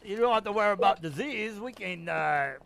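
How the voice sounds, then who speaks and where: A man's voice: sits high, expressive, brisk, vocal fry, a bit bright, slight background noise, pitched above the performer's own voice, full character voice. A man voicing a crude, sadistic male Templar guard who blusters and swears. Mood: contemptuous.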